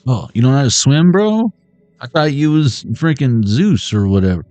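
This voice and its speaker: With a warm, animated mid-range voice at normal speed, a middle-aged man gives his viewers a playful card reading full of jokes and pop-culture asides. The sound is echo-free, with faint music behind him.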